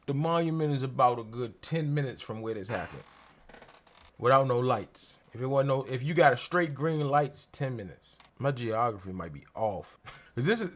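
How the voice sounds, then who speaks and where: A man, rambling in a profane, slangy way as a streamer reacting to a video. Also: medium pitch. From Maryland near Washington DC. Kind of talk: casual reaction commentary.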